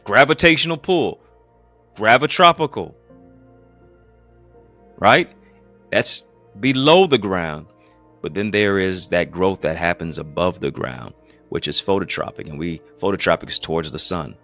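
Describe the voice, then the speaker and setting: A man's voice: deep voice, expressive, normal speed, fairly bright tone, no room sound, faint music behind. A man preaching as a pastor, in an emphatic, repetitive cadence full of rhetorical questions. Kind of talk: motivational preaching.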